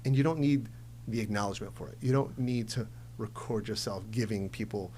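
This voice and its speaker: A man's voice: on the low side, fairly quick, darkish tone, a little hiss or hum. Candid man in his forties. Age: 40s. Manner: candid and emphatic, with frequent "like" and "um". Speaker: entrepreneur guest. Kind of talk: casual interview conversation.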